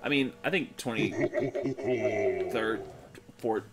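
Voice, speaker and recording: A young man, co-hosting a gaming video, chatting in a laid-back, halting way while he plays. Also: fairly low pitch, loud music behind the voice. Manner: laid-back, halting, full of fillers and restarts. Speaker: gaming co-host. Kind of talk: casual chat while playing a horror game.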